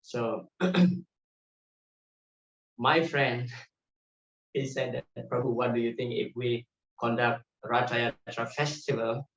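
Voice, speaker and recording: A man teaching a devotional class in a temple, spinning animated anecdotes and laughing as he goes. The recording is muffled and set back from the microphone, with the hall's echo around him. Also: mid-range voice, slow, pauses often. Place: temple hall. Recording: distant muffled mic in echoey hall.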